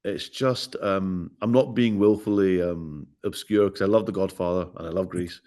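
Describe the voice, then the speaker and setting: Glaswegian actor guest, middle-aged man, lowish voice, playful storyteller, casual chat. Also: normal speed, darkish tone. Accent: Glaswegian Scottish. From Scotland.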